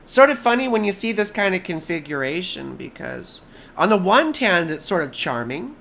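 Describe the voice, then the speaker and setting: A hoarse American man doing a live astrology chart reading, rambling and easily sidetracked, with jokey asides. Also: high-pitched, very animated, normal speed, pushed and bright, a little hiss or hum.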